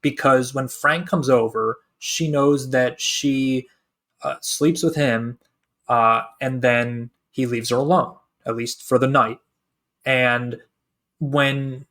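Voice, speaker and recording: A male podcast guest speaks in a measured, thoughtful way, laying out a different view with polite ease. His voice is a plain middle pitch. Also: fairly bright tone. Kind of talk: casual film discussion.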